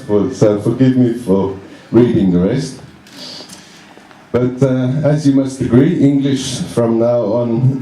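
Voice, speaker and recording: A young man delivers a best man's speech at a slow, halting pace, poking fun at himself and chuckling through it. His voice is mellow and low-key. He sounds a little away from the mic, with a roomy echo around him. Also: recorded from a distance, a little hiss or hum. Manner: halting, self-deprecating, chuckles along. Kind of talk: wedding speech. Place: wedding reception room.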